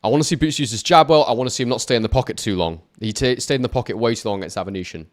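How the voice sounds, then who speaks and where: Male boxing YouTuber, casual live commentary, chats to his viewers, quick punch-by-punch calls. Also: mid-range voice. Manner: chatty, answers viewer chat, quick play-by-play. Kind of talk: live watch-along commentary.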